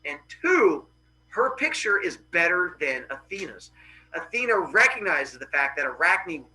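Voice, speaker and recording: A man's voice: fairly high pitch, sing-song, unhurried, bright, forceful tone, slight background noise, rough recording. A male teacher dramatically retelling a Greek myth to his class in a casual, playful way. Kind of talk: animated classroom storytelling.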